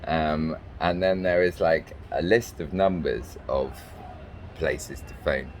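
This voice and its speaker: Low-voiced rambling man. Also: slow, a little hiss or hum. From England. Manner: chatty, meandering, full of ums and restarts. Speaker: vlogger and fairy maker. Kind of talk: rambling travel anecdote. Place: small hotel room.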